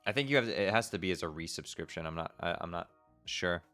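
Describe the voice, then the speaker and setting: Deep-voiced man streaming, thinking aloud. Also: expressive, quick pace, pushed and bright, soft background music. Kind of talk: casual webcomic read-along.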